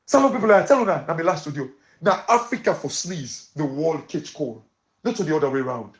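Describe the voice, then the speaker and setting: A man's voice: on the high side, expressive, brisk. A man with a Sierra Leonean Krio accent hosting a commentary show, mixing pidgin and English and rallying listeners with repeated calls to action. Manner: rallying, repetitive exhortations. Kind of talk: impassioned economic commentary.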